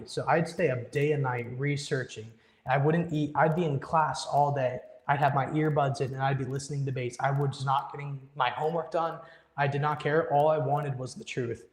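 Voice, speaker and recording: A young man earnestly telling a personal story as a guest in an interview, often quoting his own past thoughts with emphasis. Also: fairly high pitch. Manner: earnest, emphatic storytelling with quoted inner speech. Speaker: guest musician. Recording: echoey room with long reverb.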